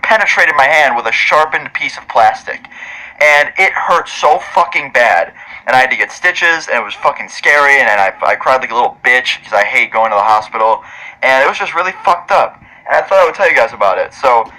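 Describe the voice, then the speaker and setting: A young man with a bright, forward voice tells a story to his viewers. He talks casually and swears a lot, rambling through fillers and side remarks. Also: mid-range voice, poor audio. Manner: profane and chatty, many fillers and asides. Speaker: storytime vlogger.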